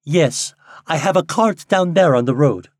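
A man putting on a gentle frightened young woman. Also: on the high side, expressive, unhurried, no echo, studio quality, pitched above the performer's own voice. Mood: earnest.

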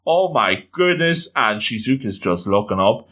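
Animated man recapping a comic chapter. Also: medium pitch, a little slow. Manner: animated storyteller, playful catchphrases. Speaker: host.

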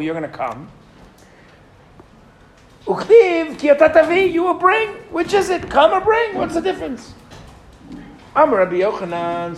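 Teaching Torah to a class, this middle-aged man puts questions to his students and recites verses in Hebrew. His voice sits high, with slight background noise behind it.

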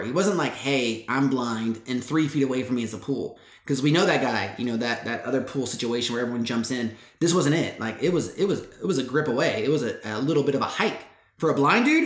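A man's voice: a little high, a bit bright. A man hosting a podcast, casually retelling a Bible story in slangy, laid-back talk with frequent laughs. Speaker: podcast host. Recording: roomy echo.

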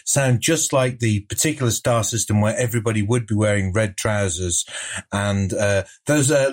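A man with a Birmingham accent telling dry, self-mocking stories in casual podcast chat. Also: on the low side. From England. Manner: dry self-mocking storyteller with frequent laughs. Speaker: podcast co-host.

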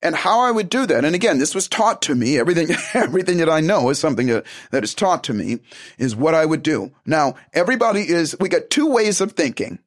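A man giving a motivational self-help talk, emphatic and animated, acting out little conversations as he goes. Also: on the high side, fast.

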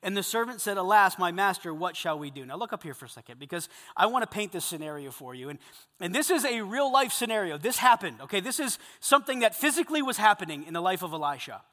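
A man preaching a sermon to a group of men, animated, swinging between loud emphasis and hushed intensity. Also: sits high, quick pace, big-room sound. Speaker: pastor.

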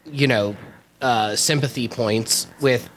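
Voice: mid-range voice, slow pace. Podcast cohost in casual chat, wry and easygoing, a bit of hiss. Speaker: podcast co-host recapping a TV episode.

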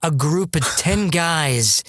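Husky-voiced man telling a story. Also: a little high, slow, dry recording, clean studio sound. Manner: animated storyteller, acts out voices. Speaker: podcast co-host. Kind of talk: casual storytelling chat.

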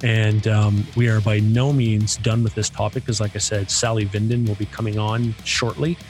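A man co-hosting a podcast in relaxed, casual chat, agreeing often. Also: lowish voice, normal speed, soft background music. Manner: relaxed, agreeable, lots of "yeah" and "that's right". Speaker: podcast co-host.

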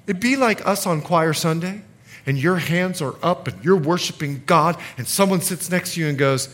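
Male pastor, sermon, high voice, very animated pitch, dramatic swings from hushed to loud. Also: normal speed. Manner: dramatic preaching with acted-out quotes and sudden swings from hushed to loud. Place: church sanctuary.

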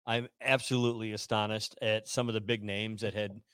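A man co-hosting a casual podcast, teasing his partner with quick interjected questions. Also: fairly low pitch, little pitch movement, a bit bright, clear, resonant tone, no echo. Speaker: podcast co-host. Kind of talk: casual chat.

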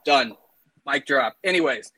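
A man's voice: medium pitch, animated, unhurried, sharp tone, a little hiss or hum, rough recording. A man talking casually about college football coaches, opinionated and laughing between points. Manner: talkative, laughs mid-sentence, opinionated. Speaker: sports podcast panelist. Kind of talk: casual sports talk.

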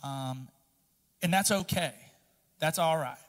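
A man preaching as a pastor, moving from quiet, halting confession to loud, impassioned preaching. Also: on the high side. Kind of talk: sermon. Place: church sanctuary. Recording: long reverb of a large hall.

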